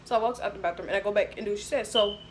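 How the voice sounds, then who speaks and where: A young woman telling a storytime to her viewers, animated and slangy. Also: medium pitch, very fast, slight background noise. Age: young adult. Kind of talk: casual storytime.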